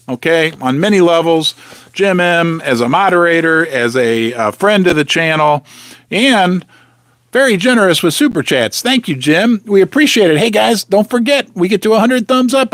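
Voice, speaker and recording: A man hosting a casual live stream, talking with many restarts and rhetorical questions, clearing his throat as he is losing his voice. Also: sits high, no room sound. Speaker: host of a live precious-metals stream.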